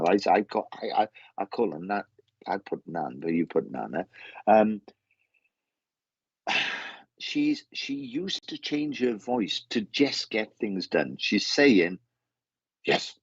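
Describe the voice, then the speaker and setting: Low husky man giving a reading. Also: expressive, no echo. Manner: halting, repeats words often, calls the sitter mate. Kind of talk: casual spoken reading. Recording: dull lo-fi sound.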